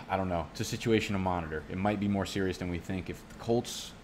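A young man drafts a fantasy football team while talking to his viewers in a low, fairly quick voice, with slight noise in the background. It's loose and casual, and he rambles, curses freely, and keeps going off on tangents.

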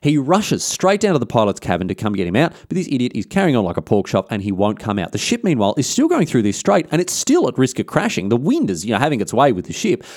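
A man's voice: medium pitch, huge pitch swings, darkish tone, dry recording, clean studio sound. A man with an Australian accent telling a history story in a casual, irreverent, slangy way. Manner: irreverent and slangy, quick to joke.

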